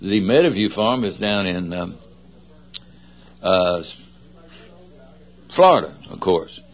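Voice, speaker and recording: A man's voice: low-pitched, lively intonation, takes it slowly. A man with a Southern US accent hosting a radio show, talking in a casual, rambling way with many fillers and self-corrections. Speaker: radio host. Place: radio studio.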